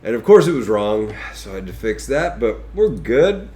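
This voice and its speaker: A man's voice: fairly low pitch, expressive, fairly quick, warm tone. A man hosting a casual podcast while congested from a cold, talking in a crude, joking, rambling way. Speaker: podcast host.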